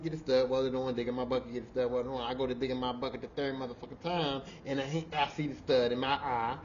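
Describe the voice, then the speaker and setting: A man hosting a podcast, telling a profane work story in casual style and acting out the quotes. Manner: animated, profane, acts out quotes with big pitch jumps. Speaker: podcast host. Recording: slightly dull audio with faint noise.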